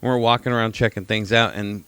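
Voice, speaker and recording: A man's voice: fairly low pitch, fairly even intonation, fast talker, fairly bright tone, clean tone, no room sound. A middle-aged man co-hosting a podcast, telling a story in rambling casual chat, repeating himself and swearing now and then. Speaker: podcast co-host.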